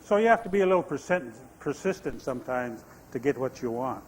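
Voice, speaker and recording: A Nez Perce man from the US Pacific Northwest telling creation legends in a relaxed, conversational way at a stage microphone. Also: medium pitch, fast, a little hiss or hum, rough recording. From Nez Perce homeland, US Pacific Northwest. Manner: relaxed, conversational, asides to listeners. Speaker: tribal storyteller. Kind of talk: oral storytelling.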